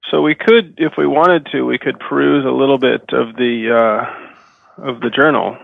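A man's voice: mid-range voice, steady tone, normal speed, vocal fry, narrow, tinny audio. A man playing in a tabletop game, musing casually. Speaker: player.

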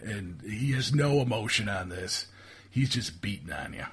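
Hesitant male game master, lively pitch. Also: normal speed, slightly rough. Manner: hesitant, many fillers and restarts. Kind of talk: narrating a tabletop game.

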